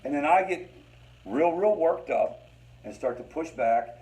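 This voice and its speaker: A man's voice: a little high, lively intonation, unhurried, mellow, rough recording. A man leading a family recovery group, talking conversationally to the room, repeating phrases for emphasis and calling his listeners "guys.". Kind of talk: informal teaching talk to a support group.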